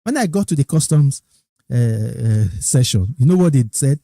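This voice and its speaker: A middle-aged man with a Nigerian accent talks casually as a podcast host, with a very mellow, warm tone. He restarts and repeats phrases as he goes, and his pitch climbs when he acts out other people's excitement. The recording is dry and close, with no room echo. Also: normal speed, vocal fry. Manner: animated, quoting others in raised excited tones. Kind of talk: casual storytelling monologue.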